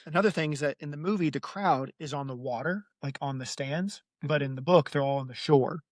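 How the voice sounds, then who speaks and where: A chatty co-host on a book podcast, trading jokes and comparing a story with its film version. The voice sits at a middle pitch and comes across close and dry, with no room sound. They drop into silly voices while telling anecdotes. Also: a little fast, no room sound. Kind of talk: casual chat.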